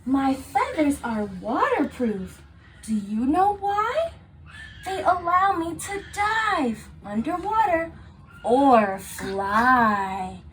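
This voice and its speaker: A woman voicing a friendly duck in a picture book, reading in a slow sing-song way for a toddler. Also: sits high, big pitch swings, recorded from a distance, noisy background, pitched above the performer's own voice, heavily acted.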